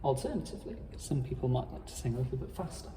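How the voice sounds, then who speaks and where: Measured man teaching in an echoing space. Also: mid-range voice, sing-song. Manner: measured, explanatory, formal phrasing. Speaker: cantor and psalm teacher. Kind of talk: instructional talk. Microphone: playing his own accompaniment.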